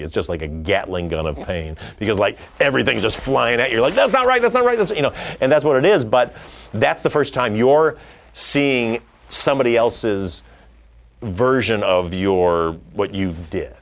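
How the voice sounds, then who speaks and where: A middle-aged man, a film director, talking casually in an interview and acting out quotes as he tells stories. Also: low-pitched. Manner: animated storytelling, acting out quotes. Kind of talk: conversational interview.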